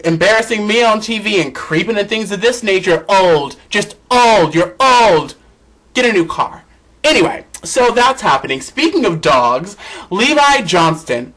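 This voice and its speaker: A man dishes celebrity gossip on his vlog in a high, bright voice. He is sassy, campy and outspoken. His pitch leaps up and drops low. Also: lively intonation, moderate pace, low-quality recording. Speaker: vlog host.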